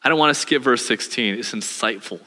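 A man preaching a sermon as pastor, animated and telling the story with humor. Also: medium pitch, brisk. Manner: animated storytelling, acts out voices with laughs. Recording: hall reverb.

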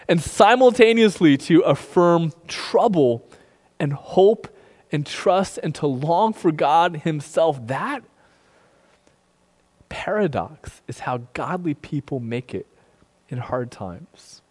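A male pastor preaching a sermon in a relaxed, conversational way, often checking in with "right?". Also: on the high side. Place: sanctuary streamed online. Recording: long reverb in a large room.

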